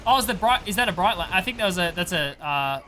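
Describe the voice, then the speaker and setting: A man co-commentating a strategy video game in an easygoing, casual way, quick to laugh. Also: high voice, animated, bright, forceful tone, a little hiss or hum.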